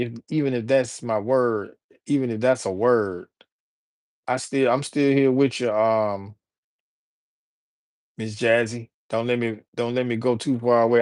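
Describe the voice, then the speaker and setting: A man from Alabama, chatting casually on a livestream and shouting out viewers by name. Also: medium pitch, dry recording. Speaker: livestreamer and rapper. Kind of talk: casual live-stream chat.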